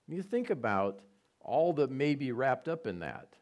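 A man's voice: medium pitch, very animated, a little slow, a little mellow. A man preaching a conversational sermon, retelling scenes with repetition and side remarks. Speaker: pastor.

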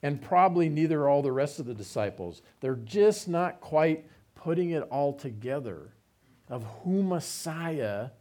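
A man's voice: on the high side, a little mellow. A man giving a conversational Bible teaching, reading passages aloud and explaining them with informal asides.

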